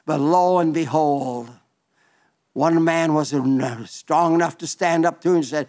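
Elderly male preacher in his eighties with a slightly high voice, fervent, repeats phrases as he tells the story. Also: a little slow, a little mellow. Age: 80s. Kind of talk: sermon.

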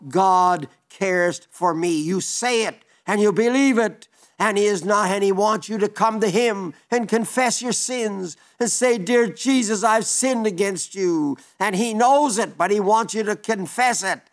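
A man preaching a sermon in an earnest, emphatic way, quoting old-fashioned scripture. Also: high-pitched.

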